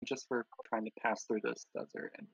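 A man's voice: on the low side, big pitch swings, moderate pace, gravelly, a bit bright, husky, no room sound, dull audio. A man playing a tabletop game who talks hesitantly, with many fillers and restarts. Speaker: player. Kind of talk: casual tabletop gameplay chat.

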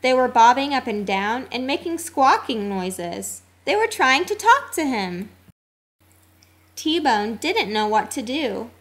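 A woman reading a children's storybook aloud, expressive and sing-song. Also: a little high, takes it slowly. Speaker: narrator.

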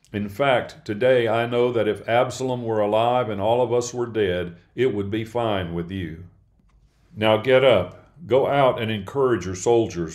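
A man's voice: on the low side, a little mellow, natural voice. A man reading the lines of a stern army commander who rebukes his king bluntly.

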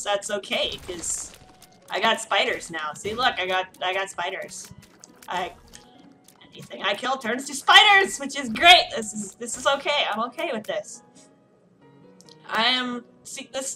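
Tipsy, swearing woman gamer. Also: a little high. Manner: profane, exasperated, yelling at the game. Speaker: let's play gamer. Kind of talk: casual gameplay commentary.

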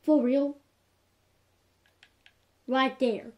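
A woman giving casual, animated commentary while playing a game. She sounds exasperated and keeps coming back to the same complaints. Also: high voice, normal speed. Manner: animated and exasperated, repeats "like, for real". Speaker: gameplay commentator.

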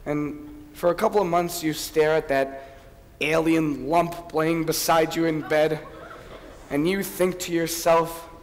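A man's voice: fairly high pitch, fairly even intonation, takes it slowly, a little hiss or hum. A man playing a chatty, wistful record fan. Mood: rueful. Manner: chatty, self-deprecating asides. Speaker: narrator character on stage. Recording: reverberant stage sound.

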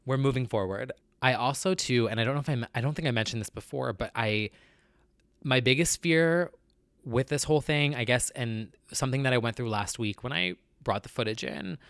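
A man's voice: mid-range voice, a little fast, creaky, a bit bright, no echo, clean studio sound. A man with a nasal voice, talking earnestly and confessionally in a casual personal vlog, with many fillers. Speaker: vlogger.

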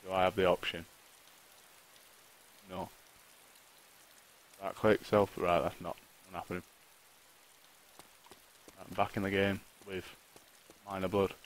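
A man's voice: low voice, level tone, unhurried, long pauses, a little hiss or hum, rough recording. A man talking to himself while live-streaming a survival game, swearing often and griping at the game. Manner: swears a lot, talks to himself and the game, frustrated outbursts. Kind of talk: live gameplay commentary.

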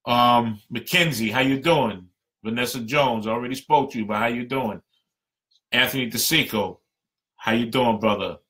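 A man's voice: medium pitch, normal speed, sharp tone. A man giving a passionate, emphatic live-stream talk to union members as their representative.

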